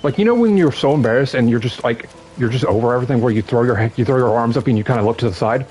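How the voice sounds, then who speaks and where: A man's voice: medium pitch, rapid-fire, a little hiss or hum, rough recording. A young man from the US telling a long story on a stream in a casual, rambling way, full of fillers. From United States. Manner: rambling, animated, lots of fillers.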